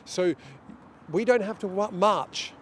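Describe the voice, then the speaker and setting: A middle-aged man being interviewed outdoors, talking in an animated way and acting out what others say. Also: high-pitched, takes it slowly, a little hiss or hum. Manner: animated, storytelling, acts out quotes. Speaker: guest, director of a global governance group. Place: outdoors near a street demonstration.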